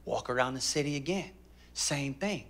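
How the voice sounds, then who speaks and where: A man's voice: mid-range voice, moderate pace. A male pastor preaching a sermon to a live congregation, telling stories, acting out voices and firing questions at the room. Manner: animated storytelling, acts out voices, asks congregation questions. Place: church auditorium with a live congregation.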